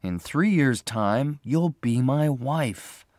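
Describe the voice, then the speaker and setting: A man's voice: mid-range voice, animated, takes it slowly, a little mellow, dry recording, studio quality, pitched above the performer's own voice. Man playing an earnest young lover. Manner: earnest, reassuring.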